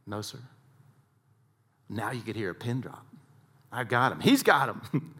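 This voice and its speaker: A man telling stories dramatically in a talk with a faith message, swinging between loud and hushed. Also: mid-range voice, big pitch swings, normal speed, husky. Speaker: speaker, sports psychologist.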